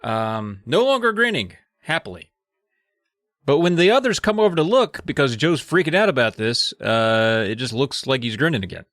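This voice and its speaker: A laid-back man retells a story on a comedy podcast, breaking off for wry asides. His voice is lively in melody and sounds close and dry. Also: mid-range voice, moderate pace, no room sound. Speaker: podcast co-host.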